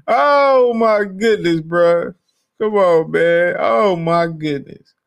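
A man's voice: high voice, very slow, gravelly. A man hosting a podcast, ranting casually with profanity and frequent laughter. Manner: profane, laughing, animated rant. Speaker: podcast host. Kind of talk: casual commentary.

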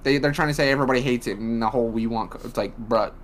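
A man's voice: mid-range voice, very fast. Brief: young male co-host, blunt and profane, rambling casual recap, faint background hum. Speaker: podcast co-host. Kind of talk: casual wrestling recap chat.

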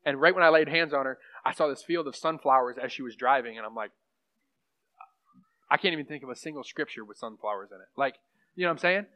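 A young man with a medium-pitched, fast, pushed and bright voice teaches a class on prophecy as a pastor. His sermon style is casual and rambling, packed with fillers and asides to the room. The recording is a muffled, lo-fi room capture.

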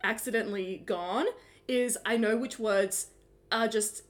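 A woman's voice: fairly high pitch, measured pace. A woman co-hosting a casual podcast chat, telling stories in a giggly, self-mocking way. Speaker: podcast co-host.

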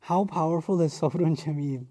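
A man with a slightly high voice delivers a Quran commentary lecture with deep earnestness. He leans into his points, sometimes dropping almost to a hush and sometimes pushing with real force. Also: normal speed. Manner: earnest, emphatic, swings from hushed to forceful. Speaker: Islamic teacher.

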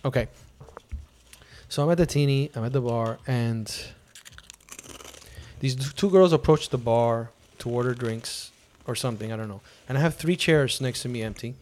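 A man's voice: mid-range voice, normal speed. A man hosting a podcast, telling a long personal story in casual chat and acting out what people said. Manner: animated, acts out quotes of himself and others. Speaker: podcast host.

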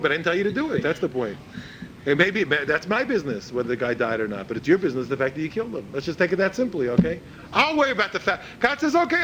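A man's voice: fairly bright tone, a little hiss or hum, low-quality recording. A man giving an informal religious lecture who repeats words as he searches for phrasing and acts out the people he quotes. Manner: acts out quoted speakers in a higher voice. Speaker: religious teacher.

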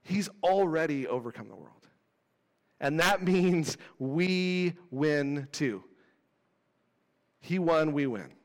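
A man in his thirties preaching a casual, animated sermon with self-deprecating asides. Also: fairly high pitch, slow pace, long pauses, big-room sound. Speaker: pastor. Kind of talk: conversational sermon.

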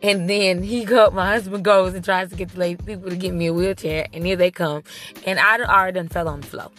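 Animated woman telling a story, lowish voice. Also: fast talker, soft background music. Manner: emphatic and animated, talks straight to the audience. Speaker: vlogger telling her labor story. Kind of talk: casual storytelling to viewers.

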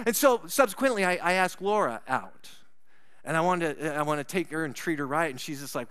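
A man preaching a sermon, telling a personal story with asides to the congregation and swinging from loud to hushed. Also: high-pitched, fairly quick, clear, resonant tone, no room sound. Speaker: pastor.

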